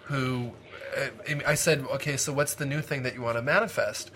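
A man co-hosting a casual podcast, talking in a relaxed, rambling way with many fillers. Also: mid-range voice, normal speed, a little hiss or hum. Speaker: podcast co-host. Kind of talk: casual chat.

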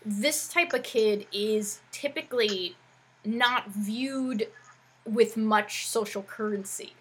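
A woman's voice: mid-range voice, takes it slowly, fairly bright tone, breathy edge, poor audio. A woman who works as an educator, co-hosting a casual chat and talking in a rambling way full of "like" fillers. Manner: chatty, rambling, with frequent "like" fillers. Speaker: podcast co-host and educator.

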